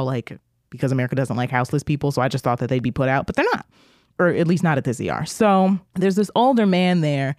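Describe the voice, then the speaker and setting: A man co-hosting a podcast, telling a long anecdote in a casual, animated way with lots of "like" fillers. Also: fairly high pitch, no room sound, clean studio sound. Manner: animated storyteller, heavy filler "like". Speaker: podcast co-host. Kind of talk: casual chat.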